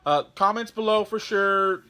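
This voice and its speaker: Bright-voiced guy rambling on a home vlog, laid-back and goofy. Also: high voice, measured pace. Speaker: channel host. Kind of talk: casual chat. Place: home in Texas.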